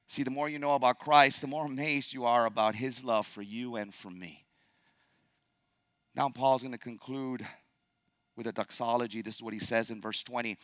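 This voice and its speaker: A man pastor preaching a sermon to his church. He stresses key words by repeating them and moves between quiet, slow lines and loud, raised passages. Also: mid-range voice, no room sound. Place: church sanctuary.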